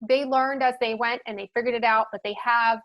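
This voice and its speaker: Here a marketing leader from the Philadelphia suburbs, USA, talks as a podcast guest in a casual chat, musing aloud with plenty of fillers and a light Philadelphia accent. Her voice is on the high side with fairly even intonation and a fairly quick pace, and the audio is dull.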